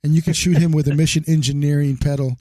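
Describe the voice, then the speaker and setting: A man's voice: on the high side, little pitch movement, fast talker, mellow, dry recording. A man hosting a podcast in a casual, rambling way, laughing often. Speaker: podcast host. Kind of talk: casual interview chat.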